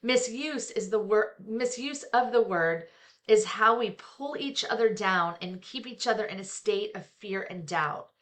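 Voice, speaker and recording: A woman's voice: medium pitch, expressive, unhurried, fairly bright tone. A middle-aged woman, a therapist, reading a book aloud and stopping often for frank, chatty personal asides. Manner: reads aloud then breaks off into frank, chatty asides with fillers. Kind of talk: casual book reading with commentary.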